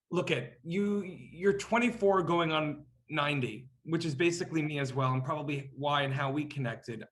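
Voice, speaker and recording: A man's voice: on the high side, fairly bright tone. A man hosting an interview over a video call, gushing and effusive with praise. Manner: gushing and effusive, piling on compliments. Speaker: interview host.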